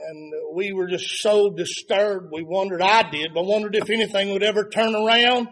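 A man preaching a sermon, rising to fervent shouts and then dropping to quiet, low passages. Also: moderate pace.

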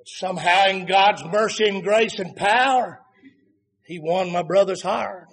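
A man preaching a sermon, rising to fervent shouts and then dropping to quiet, low passages. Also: unhurried, breathy edge.

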